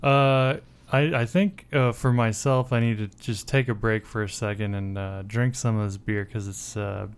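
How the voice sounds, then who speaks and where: A woman's voice: a bass voice, fairly even intonation, moderate pace, clear, resonant tone. A woman co-hosting a casual podcast chat, easygoing, laughing often and agreeing with short replies. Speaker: podcast co-host.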